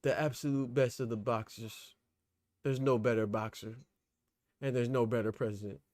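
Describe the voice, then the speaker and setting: A man's voice: medium pitch, fairly even intonation, moderate pace, darkish tone, no echo, natural voice. A bragging older politician with a dry, close sound, rambling on about how great everything is, as a man puts him on. it comes across as a loose comic impression rather than a polished one. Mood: boastful. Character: boastful older male president impersonation.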